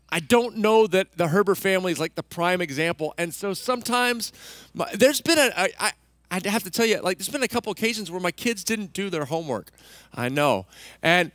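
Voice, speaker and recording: Conversational pastor preaching a sermon. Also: male voice, sits high, no room sound. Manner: conversational, self-deprecating storytelling; soft and slow in prayer.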